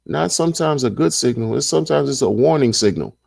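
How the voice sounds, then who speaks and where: A man's voice: medium pitch, lively intonation, a little fast, vocal fry, a little mellow, no echo, studio quality. A man hosting a casual livestream and reading the chat, talking in an emphatic, slangy way and repeating his points over and over. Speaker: crypto livestream host.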